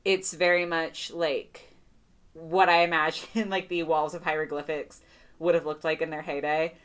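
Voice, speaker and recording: A woman's voice: deep voice, flat delivery, normal speed, fairly bright tone, smooth. Gushing chatty woman reviewing dolls. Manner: gushing, chatty, lots of "like" fillers. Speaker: doll reviewer. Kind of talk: casual unboxing review.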